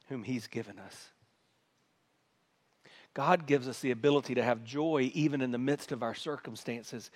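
A male pastor preaching a sermon, animated, swinging between quiet, intimate passages and loud, excited ones. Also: medium pitch, normal speed, pauses often.

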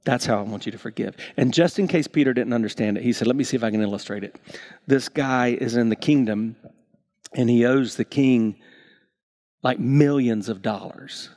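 A male pastor preaching a sermon, telling stories and acting out the characters with big swings in pitch and volume, often restarting his words. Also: fairly quick, a little mellow. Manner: stammering restarts.

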